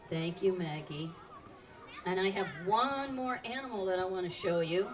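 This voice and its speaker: A woman's voice: medium pitch, animated, a little slow, recorded from a distance, crowd noise. A woman presenting live animals to children at an outdoor park show, quizzing the audience in an upbeat way.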